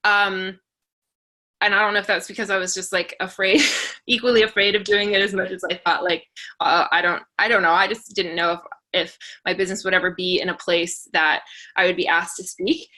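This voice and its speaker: A woman telling personal stories in a motivational talk, chatty and earnest, with lots of fillers and quick laughs. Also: mid-range voice, little pitch movement, pushed and bright. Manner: chatty, filler-heavy, laughs between phrases; earnest and encouraging. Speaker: motivational speaker for a sales team.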